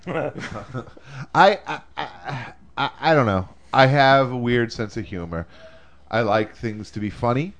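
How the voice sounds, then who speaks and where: A young man co-hosting a podcast, talking in a rambling, excitable way and laughing often. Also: medium pitch, slow pace, long pauses. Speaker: podcast co-host. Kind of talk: casual chat.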